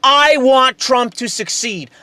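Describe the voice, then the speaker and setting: Man, high-pitched, furious profane rant, sarcastic, dry close sound. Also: animated, slow pace, pushed and bright, no room sound. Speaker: political commentary host. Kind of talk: angry political rant.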